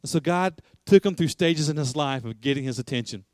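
A man's voice: fairly high pitch, fairly quick, few pauses, no room sound. Male preacher, sermon, rhetorical questions, repeated phrases, dry close sound. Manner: emphatic, repetitive, asks rhetorical questions.

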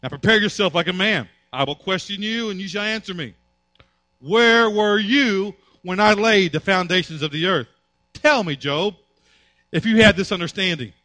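A stern, all-powerful deity played by a preacher fires off challenging questions. His high voice is forceful and sharp, and the sound is dry and close. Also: moderate pace, dry recording. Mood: commanding. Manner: commanding, rhetorical questioning.

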